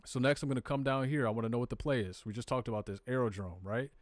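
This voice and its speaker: The clip has clean studio sound with no room noise, and a fast-talking man with a medium-pitched, fairly even voice. He has a Southern US accent and hosts a live crypto stream, casually guiding viewers through charts and data. His talk is plain and conversational, aimed right at the audience and peppered with slang.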